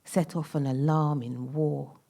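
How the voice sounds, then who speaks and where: A woman reading her own poem aloud in a measured, emphatic way at a poetry event. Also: low voice, steady tone, gravelly, mellow. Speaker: poet reading her entry.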